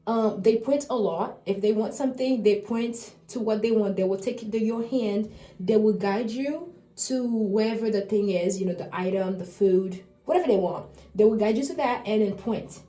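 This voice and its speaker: A woman's voice: a little high, dark tone. Chatty woman in an echoey room. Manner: chatty, acts out parent and child exchanges, laughs often. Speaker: early intervention educator. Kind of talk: casual explanatory talk.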